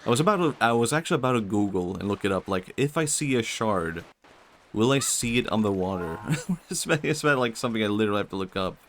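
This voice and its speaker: A young man with a Swedish accent and vocal fry, chatting softly and musing aloud while streaming a game. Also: fairly low pitch, animated, quick pace, a little hiss or hum. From Sweden. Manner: soft-spoken, musing, talks to chat. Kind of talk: casual game-stream chat.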